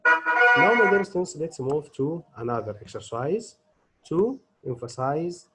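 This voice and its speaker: A man teaching an English grammar lesson. He talks deliberately, asks his students questions and answers them himself. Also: fairly high pitch, big pitch swings, sharp tone, husky, faint music behind, low-quality recording.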